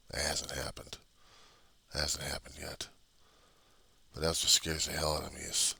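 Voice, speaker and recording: Man, extremely deep voice, husky, sharp edge, raw swearing monologue, personal video diary. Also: no echo. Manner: raw, agitated, profanity-laced, repetitive. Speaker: video diarist. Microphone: computer webcam.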